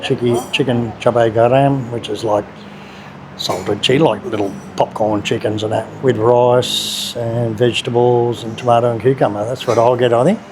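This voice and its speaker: In a laid-back, chatty vlog, a man with an Australian accent talks casually about a local cafe as a food vlogger. He speaks at medium pitch and normal speed while cafe noise fills the background.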